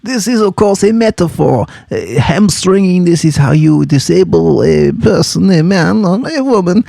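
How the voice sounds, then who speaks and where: A man teaches students about a novel in a loose, chatty, playful way, hammering home the points they need to write down. His voice is gravelly and mellow, sitting a bit high for a man. The recording is dry and close. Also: animated, normal speed, dry recording. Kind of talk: study guide explanation.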